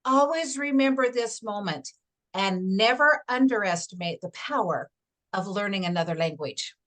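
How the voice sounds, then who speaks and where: A woman voicing a calm, brave mother mouse. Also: mid-range voice, normal speed, lightly acted. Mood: firm. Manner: hushed, steady warnings.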